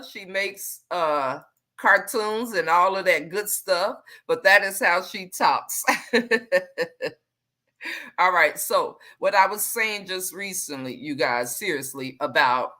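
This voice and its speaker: Hosting a live stream, this woman talks in a measured, even manner, saying things again for emphasis. Her pitch leans low.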